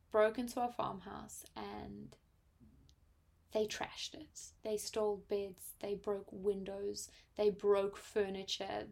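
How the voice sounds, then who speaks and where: A young South African woman in her twenties speaks in a personal vlog. She talks reflectively, pausing often and filling gaps with fillers, and her mid-pitched voice carries a noticeable vocal fry. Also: darkish tone. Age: 20s. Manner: reflective, with frequent pauses and fillers. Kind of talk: personal testimony.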